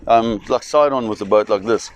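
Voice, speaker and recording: A man's voice: on the low side, moderate pace, a little hiss or hum. Man telling a story. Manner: vivid, restarting, acts out voices. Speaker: shark expedition operator. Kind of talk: dramatic storytelling.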